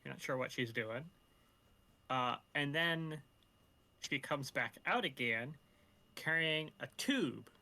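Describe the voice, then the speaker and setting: A man narrating as dungeon master in a tabletop game, pausing with fillers as he describes the scene. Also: mid-range voice, expressive, gravelly, bright, forceful tone.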